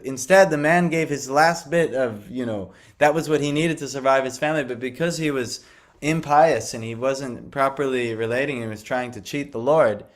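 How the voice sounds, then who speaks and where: A young man telling a devotional story and teaching in a conversational way, full of fillers and restarts. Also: medium pitch. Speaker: scripture class speaker.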